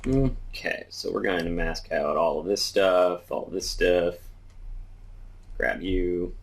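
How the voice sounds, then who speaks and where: A man teaching 3D modeling, calmly talking through each step as he works in a screen-recorded tutorial. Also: low voice, takes it slowly, gravelly. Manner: relaxed step-by-step explaining while working. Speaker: 3D modeling instructor.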